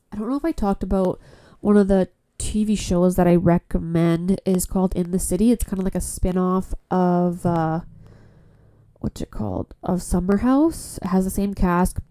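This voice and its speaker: Podcast host: a worn-out woman from Canada with a blocked nose, mellow tone, blunt and profane, chatting solo into a phone. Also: mid-range voice. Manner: rambling, frank, swears often. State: stuffy nose; tired. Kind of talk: casual solo podcast chat. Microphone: phone mic.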